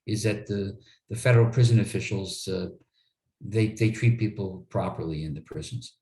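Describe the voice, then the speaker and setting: Slightly low and warm, this man's voice sounds a bit roomy as he tells stories as an attorney guest in an interview. He speaks at a normal pace, earnestly, and often repeats words when starting a sentence.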